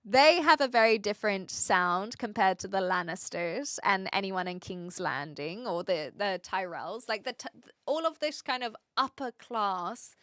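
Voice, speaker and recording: A woman's voice: mid-range voice, expressive, unhurried, a bit bright, no room sound, studio quality. A woman with an English accent, a streamer chatting casually and rambling as she answers questions from her live chat.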